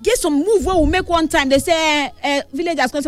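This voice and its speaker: A young Nigerian woman chatting casually in Pidgin and English, telling animated stories with exclamations. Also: high-pitched, quick pace, no echo, soft background music. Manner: animated storytelling, code-switching, exclaiming.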